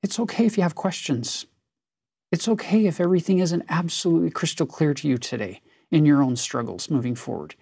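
A man's voice: on the high side, fairly quick, creaky, a little mellow, breathy edge, dry recording, studio quality. A man co-hosting a conversational Bible lesson, earnest and reflective as he reads and explains scripture. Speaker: scripture study co-host.

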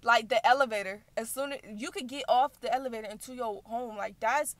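A young woman hosting a reaction channel, recapping a video in animated, chatty storytelling. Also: a little high, brisk, no room sound. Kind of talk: casual recap vlog.

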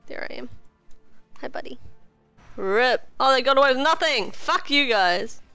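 A woman chatting casually while playing a video game, swearing, teasing and yelling in outbursts. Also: high voice, expressive, measured pace, vocal fry, highs cut off, faint music behind. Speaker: gamer. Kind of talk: casual gaming chat.

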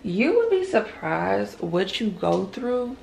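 Breathless woman with a gravelly voice. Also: medium pitch, sing-song, a little mellow, a little hiss or hum. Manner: drops often to a breathy whisper; drawn-out Southern US slang, addresses viewers as y'all. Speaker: vlogger. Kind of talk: casual chat.

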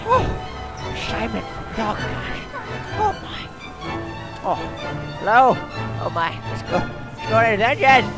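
A young man giving excitable let's play commentary, exclaiming and reading game text aloud. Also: extremely high pitch. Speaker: gaming YouTuber. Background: game music.

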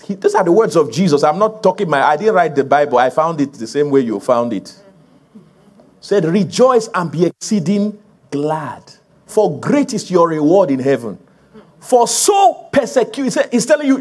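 A man's voice: sits high, very animated, moderate pace, darkish tone. A man preaching a sermon as a pastor to his congregation, building emphasis with repeated phrases and laughing along with the crowd.

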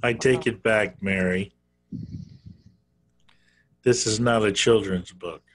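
A man's voice: lowish voice, fairly even intonation, slow. A man hosting a show, reacting with enthusiasm in casual conversation. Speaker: show host.

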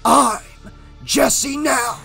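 A man voicing a hoarse, sadistic scarred dream-killer in an audiobook, croaking out taunts. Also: extremely high pitch, fairly even intonation, very slow, faint music behind, voice pushed up, heavily acted. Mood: taunting. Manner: taunting, shouted lines.

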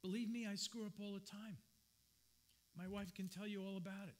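A man's voice: sits high, steady tone, fairly quick, background noise. A man preaching a sermon as pastor, earnest and personal, telling stories from his own life in a church. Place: church sanctuary.

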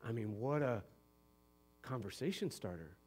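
Animated, conversational male preacher. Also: medium pitch, normal speed, breathy edge. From Connecticut, USA. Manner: animated, conversational preaching, swinging between hushed and emphatic. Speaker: pastor. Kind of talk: sermon.

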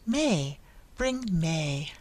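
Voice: mid-range voice, very animated, drawn-out words, a little mellow. Blind young woman, grieving and tender, earnest pleading delivery, read by the narrator.

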